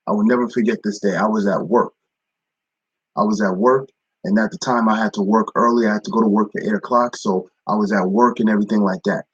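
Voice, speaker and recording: A man's voice: on the low side, fairly even intonation, quick pace, husky, no room sound, lo-fi sound. A man giving a casual spoken devotional, repeating phrases and greeting viewers by name. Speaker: ministry speaker. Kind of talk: live-streamed devotional talk.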